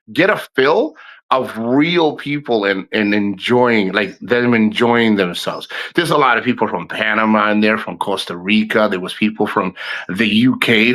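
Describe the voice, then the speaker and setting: A man's voice: mid-range voice, bright, forceful tone, low-quality recording. A man in his fifties talking in a casual, rambling way, swearing freely and often restarting his sentences. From United States. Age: 50s. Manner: rambling, profane, frequent restarts. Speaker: vlogger. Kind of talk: casual chat.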